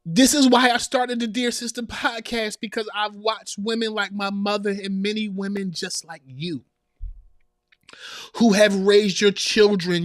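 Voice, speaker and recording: Male podcast host with a higher voice, motivational sermon-like talk, no room echo. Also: fairly bright tone, studio quality. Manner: preacherly, storytelling, addresses listeners as sisters. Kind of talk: heartfelt motivational monologue.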